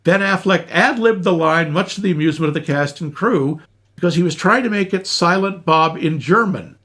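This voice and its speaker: A man with a slightly raised pitch co-hosts a casual podcast and works through a list of movie trivia. He delivers each fact steadily and plainly, like someone reading from notes to a friend. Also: normal speed. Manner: reads off trivia facts in a steady, informative way. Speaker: podcast co-host.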